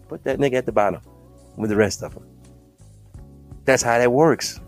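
A man hosting a podcast, delivering an impassioned, preachy monologue full of slang and often calling listeners beloved. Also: medium pitch. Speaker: podcast host.

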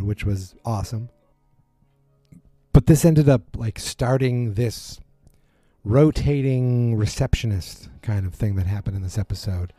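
A man's voice: fairly low pitch, measured pace, no room sound, faint music behind. A man casually recapping a TV episode, rambling and correcting himself as he acts out bits of dialogue. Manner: rambling, self-correcting, animated quotes.

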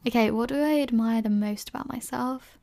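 A woman's voice: fairly high pitch, fairly quick, vocal fry, dark tone. A young woman in her early twenties hosting a casual solo Q&A podcast, rambling chattily with lots of "like" and self-conscious laughs. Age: early 20s. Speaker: podcast host.

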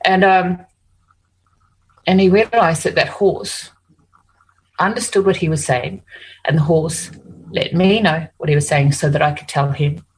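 A woman's voice: deep voice, a little slow, long pauses, slightly rough, poor audio. An Australian woman working as an animal communicator and hypnotist. She tells stories in casual conversation, rambling, restarting often and saying "you know" a lot.

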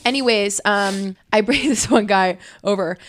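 A woman's voice: mid-range voice, unhurried, fairly bright tone, no echo. A woman in her twenties co-hosting a podcast, telling a bawdy story with lots of laughter. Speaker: podcast co-host. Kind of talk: casual comedic chat.

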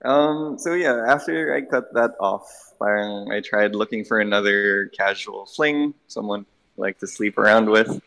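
A man's voice: lowish voice, a little slow, gravelly, a bit bright, rough recording. A young man, calling in from a hallway and talking hesitantly, with many fillers. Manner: hesitant, mixes in Tagalog fillers. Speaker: caller. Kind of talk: phone call-in. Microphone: phone call.

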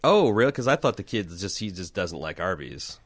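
A man's voice: low-pitched, big pitch swings, a little fast, dry recording, clean studio sound. A man co-hosting a podcast, talking in a rambling, joking way that often stops and restarts. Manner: rambling, self-interrupting, joking. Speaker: podcast co-host. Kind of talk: casual chat.

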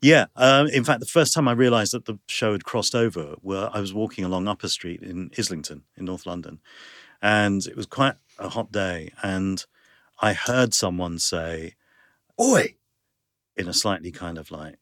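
A man, a guest comedian and actor, talking in an interview and telling lively anecdotes with plenty of fillers. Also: deep voice, moderate pace, dry recording, clean studio sound. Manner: lively anecdotes with many fillers, 'you know' and 'um'. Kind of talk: conversational interview storytelling.

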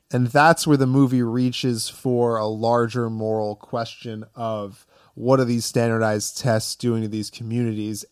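A man's voice: mid-range voice, darkish tone, no room sound, clean studio sound. A man co-hosting a podcast in casual film discussion, talking loosely with lots of fillers. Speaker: podcast co-host.

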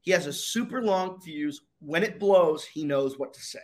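A young man, a racing driver, telling his story in a casual interview with dramatic pauses and energy. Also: fairly high pitch, expressive.

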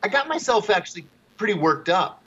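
A man telling a story at an even pace as a guest in an interview, with chuckles between phrases. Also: sits high, fairly quick, husky, dull audio.

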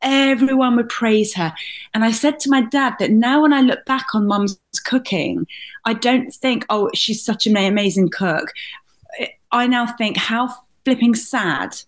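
A middle-aged woman from Britain, a comedian, telling personal stories in an animated, laughing way. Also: a little high, a little slow. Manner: animated, laughing, swears mildly. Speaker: guest comedian and author. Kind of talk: candid storytelling in conversation.

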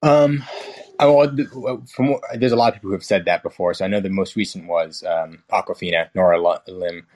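Young man, low voice, casual talk, lots of restarts, frank, swears. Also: fairly quick, a little mellow. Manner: rambling, many restarts and fillers. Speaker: guest. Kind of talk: casual conversation.

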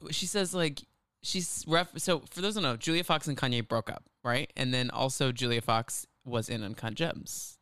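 A man's voice: medium pitch, moderate pace, clean tone, dry recording. A man co-hosting a podcast, telling a story in casual chat and breaking into laughter often. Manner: giggly, animated storyteller who keeps breaking into laughter. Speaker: podcast co-host.

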